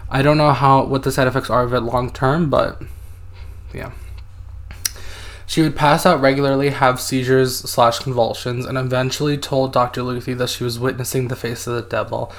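A man's voice: mid-range voice, little pitch movement, moderate pace. A man co-hosting a casual podcast, telling a story in a hesitant way, reading out quoted passages and using many fillers.

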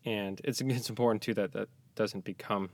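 Tired, soft-spoken man, low voice. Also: fairly even intonation. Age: young adult to middle-aged, a parent. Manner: soft-spoken, halting, reflective with joking asides. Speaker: podcast guest. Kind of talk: casual podcast chat. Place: small closet studio.

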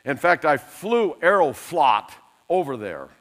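A middle-aged man preaching a sermon, lively and emphatic, telling funny stories and laughing along. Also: fairly high pitch, unhurried. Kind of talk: sermon with humorous storytelling.

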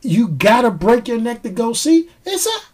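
A man's voice: very high-pitched, expressive, moderate pace. A man giving a casual, jokey movie review. He acts out the fight scenes with his own sound effects.

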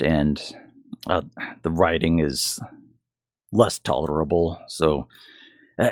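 A man's voice: low-pitched, darkish tone, dry recording, clean studio sound. A man co-hosting a podcast, giving blunt, opinionated game reviews in casual chat. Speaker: podcast co-host.

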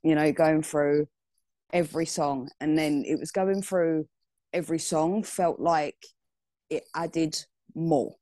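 Slow, low-voiced British woman, hesitant. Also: steady tone, mellow, no room sound. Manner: hesitant, many ums and restarts. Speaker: guest artist. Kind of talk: casual interview chat.

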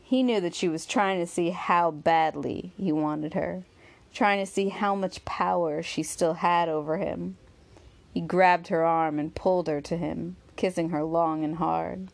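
A woman narrating a novel in a steady, measured reading. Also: lowish voice, vocal fry. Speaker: audiobook narrator. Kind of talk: scripted narration.

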